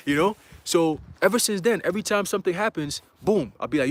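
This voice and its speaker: A man's voice: a little high, fairly quick. A young man giving a casual church testimony, slangy and full of "you know" fillers, acting out the voices in his story. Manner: excitable, acts out quoted voices.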